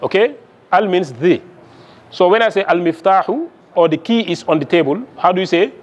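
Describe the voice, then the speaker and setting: A man's voice: sits high, expressive, fairly quick, lo-fi sound. A man lecturing on Arabic to a class, asking the students questions and checking their understanding with frequent "okay?" along the way. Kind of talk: classroom lesson.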